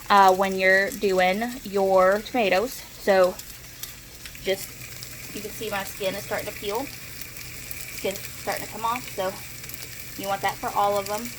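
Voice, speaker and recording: A woman's voice: mid-range voice, a little hiss or hum, poor audio. A woman with a Southern US accent, chatting and rambling through a homey cooking demo in her kitchen, recorded on a propped-up phone. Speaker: home cook. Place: home kitchen.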